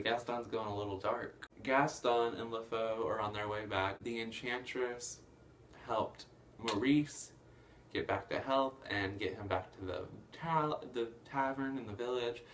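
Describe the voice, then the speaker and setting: Rambling male movie reviewer, casual, excited bursts. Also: mid-range voice, slight background noise. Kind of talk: casual plot recap.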